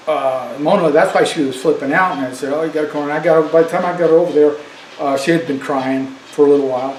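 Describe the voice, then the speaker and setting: Brief: older male storyteller, rambling, fairly high voice, echoey room with faint hiss. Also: darkish tone. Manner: rambling, many fillers and restarts. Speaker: vlogger. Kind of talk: casual storytelling monologue. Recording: roomy echo with faint background noise.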